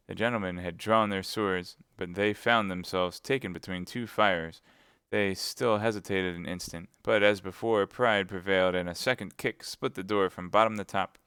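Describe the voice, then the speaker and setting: A man's voice: sits low, clear, resonant tone, dry recording, clean studio sound. Man reading a classic novel aloud. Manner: steady, measured narration. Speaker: reader. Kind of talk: audiobook reading on a live stream.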